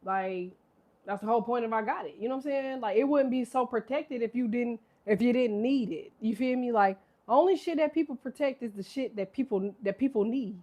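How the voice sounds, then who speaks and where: A woman's voice: fairly high pitch, a little fast, mellow. A woman in her thirties giving a casual tarot reading, rambling, profane and laughing often. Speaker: tarot reader. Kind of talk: casual live tarot chat.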